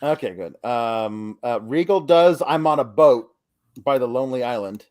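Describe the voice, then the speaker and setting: A man's voice: medium pitch, expressive, normal speed, darkish tone. A man chatting casually on a live stream, stammering and rambling with lots of fillers as he answers chat requests.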